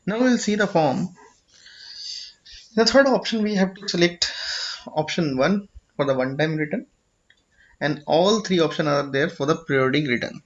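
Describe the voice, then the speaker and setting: A man with an Indian English accent, a little high-pitched, walks through a filing form step by step. He keeps asking "okay?" and restarts his phrases. The audio is dull and lo-fi. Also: expressive, normal speed, pauses often. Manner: repeats "okay?" to check understanding, with frequent restarts. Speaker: tutorial presenter. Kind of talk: explanatory screen-share tutorial.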